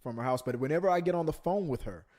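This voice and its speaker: A man's voice: a little high, lively intonation, quick pace, darkish tone. Man from Texas hosting a casual chat. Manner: hesitant, many restarts. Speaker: podcast host.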